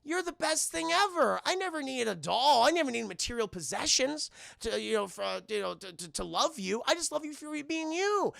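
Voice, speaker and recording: A man voicing an overjoyed young boy who gushes his thanks in a high, exclaiming voice. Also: very animated, normal speed, vocal fry, hardly any pauses, a bit bright, dry recording, clean studio sound, exaggerated voice. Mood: gushing. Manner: breathless, gushing, high and exclaiming.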